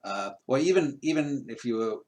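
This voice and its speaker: Halting male interviewer with many fillers. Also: mid-range voice, expressive, a little mellow. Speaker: interviewer host. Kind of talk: video call interview. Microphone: video call.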